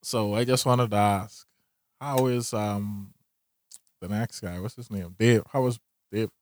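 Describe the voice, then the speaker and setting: A man's voice: fairly low pitch, fairly even intonation, unhurried, a little hiss or hum. A man co-hosting a casual podcast chat, laid-back and teasing. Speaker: podcast co-host.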